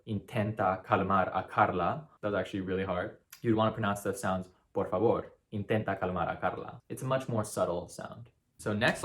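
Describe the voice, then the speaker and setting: A young man giving a casual, friendly spoken lesson, encouraging and modeling sounds slowly. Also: lowish voice. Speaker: language teacher.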